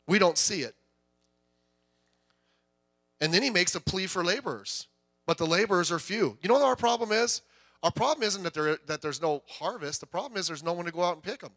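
A middle-aged man, a pastor, preaching a conversational, joking sermon with lively delivery. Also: high-pitched, brisk, long pauses.

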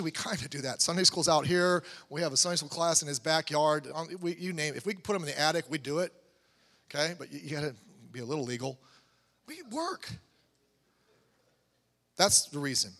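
A man preaching a sermon in a conversational, animated way, building to emphatic peaks. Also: fairly high pitch. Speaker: pastor. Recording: long hall reverb.

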